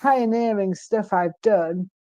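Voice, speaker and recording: A woman in her fifties, a guest in an interview, speaking earnestly and emphatically with frequent pauses and restarts. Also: medium pitch, mellow, dry recording, dull audio. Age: 50s. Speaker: guest, stroke survivor. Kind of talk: candid interview conversation.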